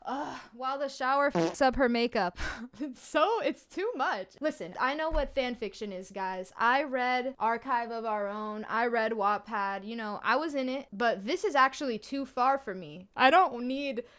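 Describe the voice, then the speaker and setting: Sarcastic young woman with a bright voice. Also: on the high side, normal speed, hardly any pauses. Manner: sarcastic, incredulous, laughs often. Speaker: host. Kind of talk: comedic commentary reading aloud.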